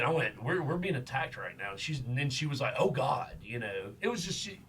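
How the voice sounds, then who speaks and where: A man's voice: medium pitch, very animated, fairly quick, fairly bright tone, a little hiss or hum. A man, hosting a casual podcast chat and telling a story with lots of fillers and restarts. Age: 30s. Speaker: podcast host.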